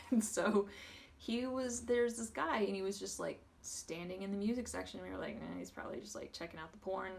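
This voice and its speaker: A woman's voice: mid-range voice, gravelly, distant mic. A young woman, a former video store clerk, telling a story casually in an interview, laughing often and using many fillers.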